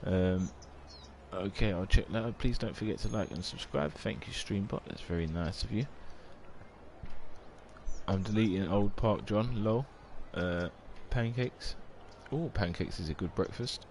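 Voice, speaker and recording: A man's voice: lowish voice, unhurried, darkish tone, a little hiss or hum. A man, chatting casually on a live game stream, rambling and reading out viewer comments.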